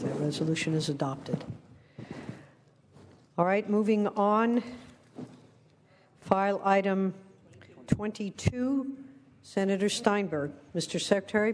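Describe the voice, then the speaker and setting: A woman's voice: mid-range voice, darkish tone, slight background noise. Woman presiding over a reverberant chamber. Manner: brisk, procedural announcements. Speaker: presiding officer. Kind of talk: chairing a legislative session. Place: legislative chamber. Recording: echoey chamber, heard from a distance.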